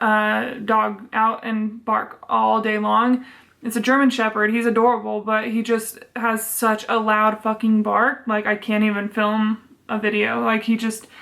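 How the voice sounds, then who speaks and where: A young woman vlogger tells a story in a casual, chatty way. Her voice is a bit higher than most and has a gravelly fry. She sounds exasperated and swears freely, and her pitch stays flat.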